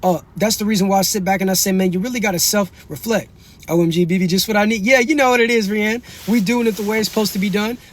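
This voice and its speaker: Young guy preaching on his live, slangy and cocky, talks real fast. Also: high voice, fairly even intonation. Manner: swaggering, preachy, slangy, moderating chat. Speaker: livestream host. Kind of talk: casual livestream monologue.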